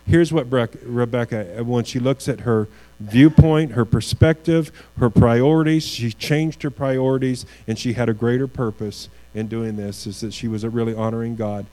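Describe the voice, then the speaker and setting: A man preaching a sermon in a warm, mellow voice, earnest and a little halting, repeating words as he builds to key lines. A low mains hum runs under the recording. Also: steady tone, poor audio. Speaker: pastor.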